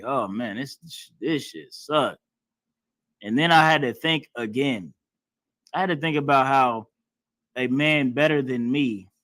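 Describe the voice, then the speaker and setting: A man teaching a class in a preaching style, with a mid-pitched voice. He talks bluntly and with force, using casual slang and some swearing, and mocks other people's lines. The sound is dry and close, with no room in it. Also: fairly bright tone, dry recording. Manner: emphatic, blunt, colloquial with occasional swearing; acts out other people's voices in mocking tones. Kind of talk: preaching lesson in casual speech.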